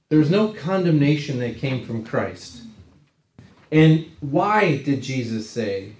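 A man's voice: mid-range voice, big pitch swings, slow pace, a little mellow, echoey room, poor audio. A man leading an informal Bible study class, talking it through conversationally and often checking in with "right?". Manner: conversational, checks in with 'right?' tags.

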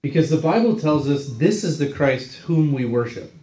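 A man's voice: a little high, animated, moderate pace, warm tone, echoey room, rough recording. A man leading an informal Bible study class, talking it through conversationally and often checking in with "right?". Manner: conversational, checks in with 'right?' tags.

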